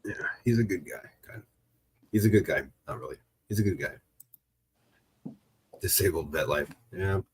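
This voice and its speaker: A lower-voiced man chats in an easygoing, joking way on a late-night stream. Light background noise and faint clicks sit behind his voice. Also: moderate pace, long pauses. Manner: laid-back, joking, chats to viewers.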